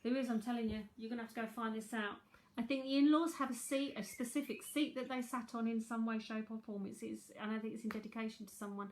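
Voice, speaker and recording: A woman's voice: fairly high pitch, steady tone, fast. Chatty London woman giving psychic readings. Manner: chatty, repeats herself, reads out viewer comments. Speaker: psychic tarot reader. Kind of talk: live-streamed psychic reading.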